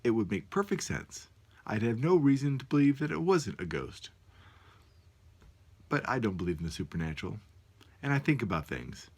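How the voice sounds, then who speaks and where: A man's voice: medium pitch, big pitch swings, moderate pace, long pauses, a little mellow, husky. A man talking casually to the camera from his computer at home at night, amused and musing aloud. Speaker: vlogger.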